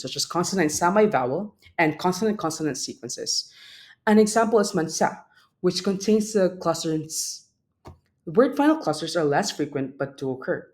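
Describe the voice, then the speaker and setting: Young man giving a class presentation. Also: fairly high pitch. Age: young adult. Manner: reads a prepared script, stops to sound out example words. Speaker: student presenter.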